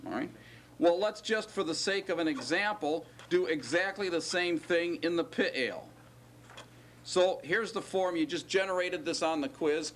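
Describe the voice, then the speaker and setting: A man teaching a classroom lecture, explaining step by step, often checking with "right?" and gently teasing his students. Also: fairly high pitch, slight background noise.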